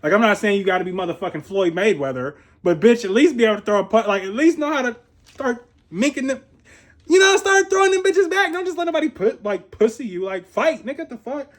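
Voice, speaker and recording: A young man from Ohio giving a casual, profane commentary on a reality show. He is chatty, laughs often and makes animated asides. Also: high-pitched, fast. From Columbus, Ohio, USA. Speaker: reality TV reviewer.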